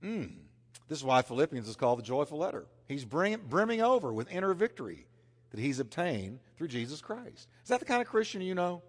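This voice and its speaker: A man preaching a sermon, swinging between loud emphasis and hushed, intense passages. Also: on the high side, very animated, fairly quick. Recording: long hall reverb.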